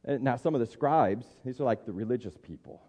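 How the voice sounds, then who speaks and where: A man's voice: medium pitch, lively intonation, fairly quick, darkish tone, breathy edge, big-room sound. A man in his thirties preaching a conversational sermon as a pastor, thinking aloud with frequent restarts.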